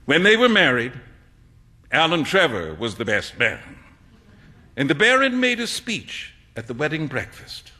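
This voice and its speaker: Animated male storyteller with a bright voice. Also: a little high, measured pace. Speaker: narrator. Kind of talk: dramatic reading of a classic story.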